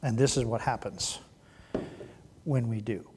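A man preaching a sermon in a church, joking and teasing, then dropping to a hushed voice. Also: mid-range voice, measured pace, background noise. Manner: playful, teasing, swings from loud to hushed. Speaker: pastor. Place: church sanctuary.

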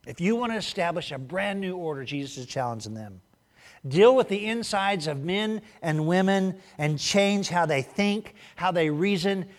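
A man preaching a sermon, swinging between loud urging and soft hushed asides, firing rhetorical questions with short punchy answers. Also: a little high, big-room sound. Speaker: pastor.

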